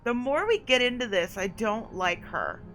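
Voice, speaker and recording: A woman streamer, giving casual, profane, excitable commentary during a game playthrough. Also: a little high, moderate pace, soft background music, low-quality recording.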